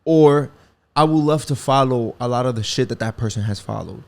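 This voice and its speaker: A man's voice: mid-range voice, moderate pace, vocal fry, a little mellow. Young bronx guy with a new york accent, rambling solo podcast, cussing a lot, restarting his sentences. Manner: profane, rambling, frequent restarts and slang. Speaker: podcast host. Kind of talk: casual solo podcast monologue.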